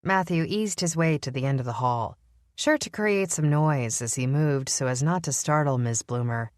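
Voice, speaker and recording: Reading scripted audiobook narration, a woman with a low-sitting voice keeps her delivery steady and measured. The recording is dry and of studio quality.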